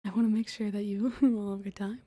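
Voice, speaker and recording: A young woman streaming, reading a book aloud in a soft, hesitant, whispered ASMR style. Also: mid-range voice, steady tone, quick pace, dry recording.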